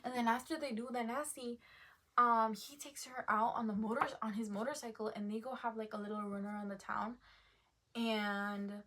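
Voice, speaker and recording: Chatty rambling woman, higher voice. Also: fairly even intonation, normal speed, a bit bright, a little hiss or hum. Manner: rambling, full of "like" and "um", corrects herself. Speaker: book reviewer. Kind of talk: casual book review chat.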